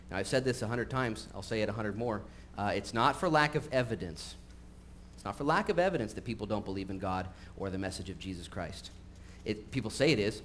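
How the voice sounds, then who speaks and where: A pastor giving a sermon at a church service, moving from casual, joking asides to earnest points. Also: male voice, lowish voice, fairly quick, fairly bright tone. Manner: conversational and humorous, shifting into earnest emphasis. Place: church service, recorded live. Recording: faint background noise from a live stream.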